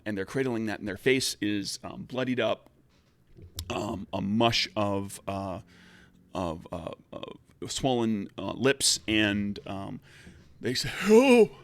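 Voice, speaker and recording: A man narrating as game master of a tabletop role-playing game, halting and full of fillers. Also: lowish voice, a bit bright, no room sound.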